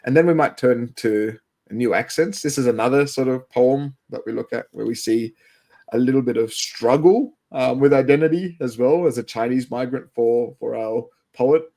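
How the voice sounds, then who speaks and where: Male co-host, Western Sydney Australian accent, gravelly low-toned voice, loose and rambling. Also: moderate pace, mellow. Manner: rambling, many fillers and restarts. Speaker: English teacher, podcast co-host. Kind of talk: casual educational podcast chat.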